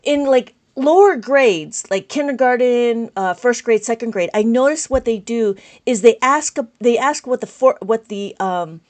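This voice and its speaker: A woman teaching an abacus lesson on a live stream, reading out viewer comments, speaking loudly and with enthusiasm. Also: on the high side, measured pace, few pauses. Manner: loud, enthusiastic, passionate.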